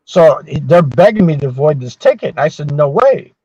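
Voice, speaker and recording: A man's voice: fairly high pitch, big pitch swings, moderate pace, warm tone, breathy edge, no room sound. A man in his sixties telling long, swear-filled anecdotes in casual chat as a podcast host. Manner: profane, rambling anecdotes. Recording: dull, dry sound.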